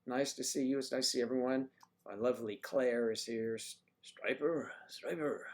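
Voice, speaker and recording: A man's voice: mid-range voice, steady tone, normal speed. A man hosting a casual livestream, chatting and teasing as he greets his viewers by name one after another. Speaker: livestream host reading viewer chat.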